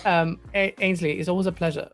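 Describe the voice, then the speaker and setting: A man's voice: sits high, steady tone, fairly quick, fairly bright tone, soft background music. A man hosting a live gaming stream, thanking his guests and plugging the channel. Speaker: host.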